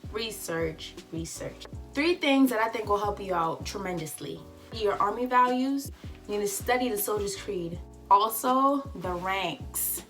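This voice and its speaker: Chatty young woman vlogger. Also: mid-range voice. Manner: animated, chatty, advice-giving. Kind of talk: casual storytime vlog. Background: faint background music.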